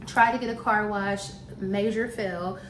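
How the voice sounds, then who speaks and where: A woman's voice: mid-range voice, fairly even intonation, a little slow. A woman chatting casually as a vlogger, laughing often and restarting her sentences, a little out of breath. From Southern US. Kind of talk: casual chat to camera. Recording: echoey room with faint noise.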